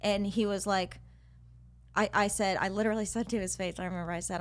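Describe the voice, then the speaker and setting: Woman in her thirties, podcast guest, bubbly, animated storyteller, casual, swears a lot. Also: medium pitch, brisk.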